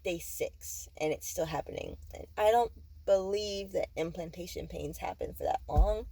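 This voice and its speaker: A woman's voice: fairly low pitch, mellow, poor audio. A woman in her twenties, a teacher, chatting candidly in a casual vlog and sounding tired, with lots of fillers. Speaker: vlogger and teacher.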